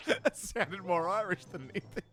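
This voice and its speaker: An Australian man co-hosting a casual let's-play, easygoing, swearing and quick to laugh. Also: high-pitched, fairly bright tone, soft background music. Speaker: co-host of a gaming channel.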